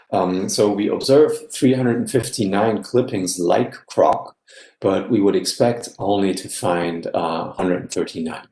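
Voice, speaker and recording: A man giving an academic guest lecture in a measured way, often checking in with "yeah?". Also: sits low, a little mellow, roomy sound, low-quality recording. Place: live-streamed online talk.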